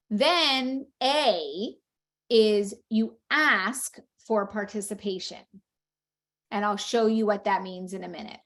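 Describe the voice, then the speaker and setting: Slow, patient woman teaching parents. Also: on the high side. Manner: slow, patient explaining with animated read-aloud examples. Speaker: speech-language educator. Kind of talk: instructional presentation for parents.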